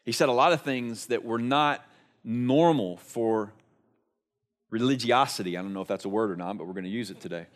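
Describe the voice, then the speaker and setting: A pastor delivering a sermon with a voice of ordinary pitch for a man. He talks to his congregation in a conversational way, posing rhetorical questions. His delivery moves between emphatic stretches and hushed, quiet passages. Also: fairly quick.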